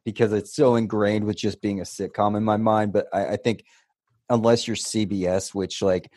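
A man with a lowish voice co-hosts a podcast, talking in a loose, rambling way full of restarts and casual swearing. His voice is recorded dry and close. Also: little pitch movement, moderate pace, darkish tone, no room sound. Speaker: podcast co-host. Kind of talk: casual chat.

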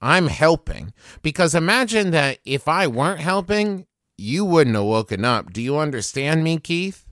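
A man voicing a calm, menacing young woman with fire magic in a tabletop game, using a West Virginia drawl and slow, quiet threats. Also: on the high side, no room sound, clean studio sound, voice pushed up.

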